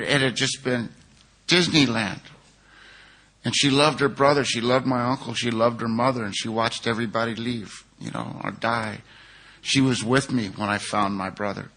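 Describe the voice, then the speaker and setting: A man's voice: mid-range voice, sharp tone. A middle-aged man from California telling his personal recovery story to a conference audience, earnest and conversational, with frequent "you know.".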